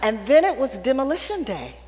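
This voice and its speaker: A woman's voice: sits high, sing-song, a little fast, noisy background. A woman giving a keynote speech to an audience, telling personal stories with humor in a conversational way. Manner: humorous, conversational, often checking in with "right?". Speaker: keynote speaker. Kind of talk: public speech with personal storytelling. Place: event hall with an audience. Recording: long hall reverb.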